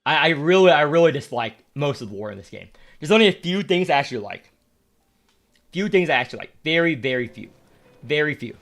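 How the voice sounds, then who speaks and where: A young man with a notably high voice streams a game and rants about it. He talks bluntly and swears a lot, and he repeats himself as he complains. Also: lively intonation, fairly quick, a bit bright, faint music behind. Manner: blunt, profane, repetitive ranting. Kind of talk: casual stream commentary.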